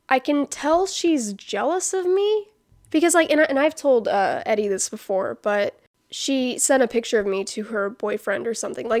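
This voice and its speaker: A young woman with a fairly high voice chats casually and tells a story with lots of animation, acting out what others said. Her talk is full of fillers and swearing. The sound is dry and close, with little room echo. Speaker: podcast co-host. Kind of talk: casual chat.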